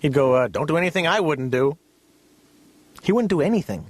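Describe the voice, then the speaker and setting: A ranting New Yorker patient. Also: male voice, a little high, brisk, no echo. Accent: New York. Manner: animated, ranting, acting out quotes. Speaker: patient in therapy, comedian. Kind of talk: stand-up comedy bit in a cartoon.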